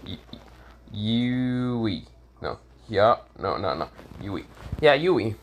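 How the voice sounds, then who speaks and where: A man's voice: lowish voice, very animated, extremely slow, slight background noise. A man at home spins an improvised fan story off the cuff. He rambles, swears freely and stops to correct himself as he goes. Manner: rambling, profane, self-correcting.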